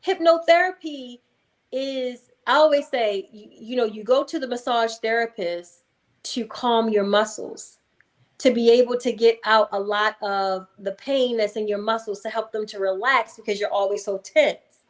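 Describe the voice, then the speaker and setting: A woman, a hypnotherapist, speaking as a guest in a conversational interview and telling a story in a calm, emphatic way. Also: fairly high pitch, normal speed. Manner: calm, emphatic, acts out voices in anecdotes.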